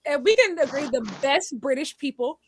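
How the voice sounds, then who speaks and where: A woman's voice: high-pitched, expressive, normal speed, a little hiss or hum. A woman co-hosting a live charity stream, introducing guests in a rambling, playful way over a video call. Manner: rambling introductions, many ums and restarts, playful. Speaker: stream co-host. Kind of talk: casual chat on a live stream.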